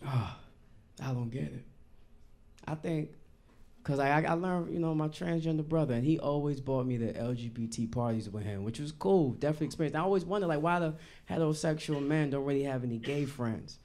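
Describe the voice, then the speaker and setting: A man performing a stand-up comedy set on a live stage, talking in a loose, slangy way and acting out characters in quick quotes. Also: on the high side, darkish tone. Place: live venue stage with audience.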